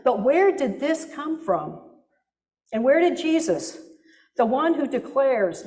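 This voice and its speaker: Woman pastor, sermon; higher voice, very slow and deliberate, reflective with wry asides; echoing church hall. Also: expressive, darkish tone.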